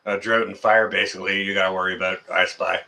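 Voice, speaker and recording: A man hosting a live stream, chatting casually with viewers in a rambling, excitable, jokey way. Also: sits low, fast, creaky. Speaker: livestream host answering chat.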